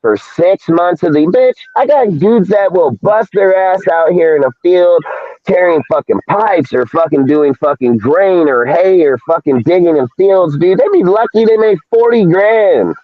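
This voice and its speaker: A man's voice: sits high, no echo. A man hosting a casual sports talk show, ranting heatedly with a lot of swearing. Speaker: podcast host. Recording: dry tinny phone-like audio.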